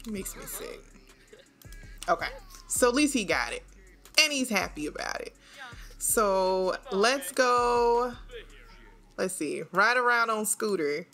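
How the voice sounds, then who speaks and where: A woman's voice: medium pitch, very animated, normal speed, pauses often, pushed and bright, soft background music. A woman, chatting casually to viewers while playing a life-sim game, laughing often. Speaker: gaming channel host. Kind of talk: casual let's-play commentary.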